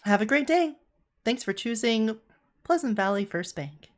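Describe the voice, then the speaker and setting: A woman's voice: a little high, animated, moderate pace, voice pushed up, close to an everyday voice. A woman voicing a courteous female bank receptionist in a tabletop game. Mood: polite. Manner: courteous, customer-service tone.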